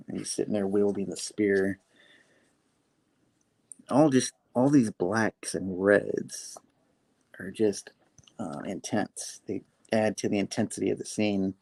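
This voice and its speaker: A man's voice: on the low side, slow, vocal fry, long pauses, a little mellow. A man recapping a comic issue in a casual, rambling way, full of fillers and quoted lines. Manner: rambling, filler-heavy, quoting characters. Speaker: comic book reviewer.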